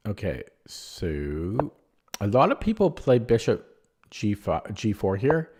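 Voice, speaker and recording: Low-voiced man musing over chess. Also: a little mellow, slight background noise. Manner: thinks aloud, hesitant with many fillers and restarts. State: losing his voice. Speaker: chess streamer. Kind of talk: casual game commentary.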